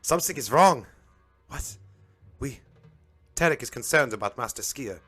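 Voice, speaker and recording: A man's voice: mid-range voice, animated, normal speed, fairly bright tone, breathy edge, soft background music, pitched above the performer's own voice. A man voicing a formal, precise young alien twin Jedi with a put-on German accent.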